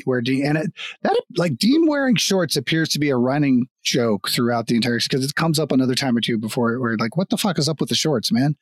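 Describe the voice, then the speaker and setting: A man's voice: a little high, no echo. A man co-hosting a casual chat, recapping a TV episode in a loose, profane way with laughs mixed in. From Kansas. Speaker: podcast co-host.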